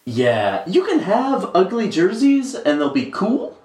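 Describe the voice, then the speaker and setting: A man's voice: high-pitched, wildly swooping pitch, slow pace, darkish tone. A man co-hosting a casual sports podcast, rambling with many filler sounds as he recaps matches. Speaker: podcast co-host. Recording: roomy echo.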